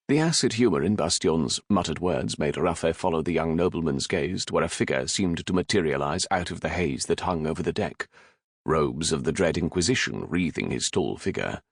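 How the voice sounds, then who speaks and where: Deep-voiced man narrating an audiobook. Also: animated, slightly rough, dry recording, studio quality. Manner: measured, dramatic reading. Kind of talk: scripted narration.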